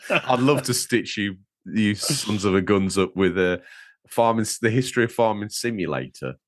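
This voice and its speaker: Guy on a gaming podcast, low voice, super jokey, bouncing up and down, dry close mic. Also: normal speed, dry recording. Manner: jokey and animated, laughing at himself. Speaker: podcast co-host. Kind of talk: casual banter.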